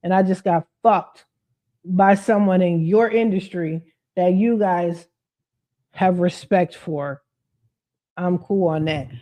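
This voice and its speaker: A woman's voice: on the low side, slow pace, pauses often, warm tone. Woman coach, livestream rant, blunt and profane, slangy, speaks straight to camera. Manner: blunt, profane, fired-up venting; streetwise slang, addresses viewers directly. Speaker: credit repair coach.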